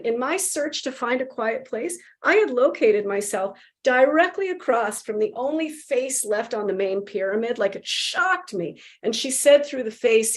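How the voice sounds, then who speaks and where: Woman, interview guest, animated storyteller, emotional, fairly high pitch, laughs often. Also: normal speed, few pauses. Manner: emotional, laughing, acts out quotes.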